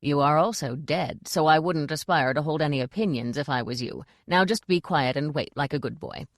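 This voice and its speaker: A woman's voice: deep voice, normal speed, no room sound, clean studio sound. A woman doing a blunt, unflappable old witch. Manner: blunt, matter-of-fact.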